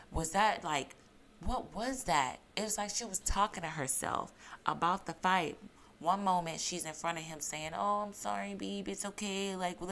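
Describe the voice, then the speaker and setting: A woman's voice: lowish voice, fairly bright tone. A woman giving emphatic reality TV recap commentary, repeating her points and asking her viewers questions. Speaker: YouTube commentator.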